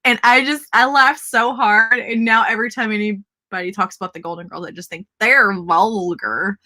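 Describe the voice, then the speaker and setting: This Southern host of a relaxed writing-sprint livestream talks a little fast in a fairly high voice that stays steady in tone yet sounds bright and forceful. She keeps up the chatter and cheers on the comments and word counts viewers post.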